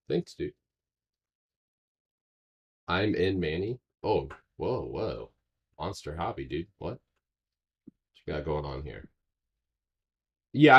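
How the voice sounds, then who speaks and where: A man hosting a live stock trading stream, chatting casually and excitably with laughing asides. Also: low voice, husky.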